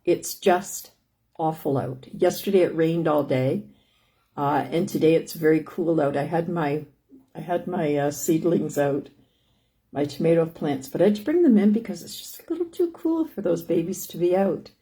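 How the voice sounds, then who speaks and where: A woman's voice: sits low, normal speed, dark tone. An older woman hosting a live stream, chatting casually and rambling with many restarts and "anyways". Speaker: host of a live stream about living with lung disease.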